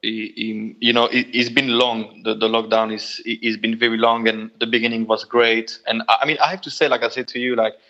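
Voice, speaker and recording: A Belgian man with a French accent, a guitarist chatting in an interview, halting and repeating words, laughing often. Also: medium pitch, little pitch movement, pushed and bright, lo-fi sound. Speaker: guitarist guest. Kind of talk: casual interview chat.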